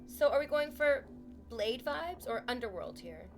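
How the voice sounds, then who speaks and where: A woman's voice: high voice, lively intonation, measured pace, over music. A woman streaming from home, chatting casually with her viewers in a sarcastic, teasing way and swearing freely.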